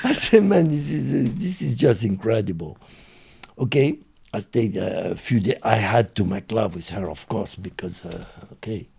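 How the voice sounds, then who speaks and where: A man with a French accent, a guest telling his story in halting, broken English with many fillers. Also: lowish voice, animated, creaky, darkish tone, breathy edge. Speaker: interview guest. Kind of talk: casual storytelling.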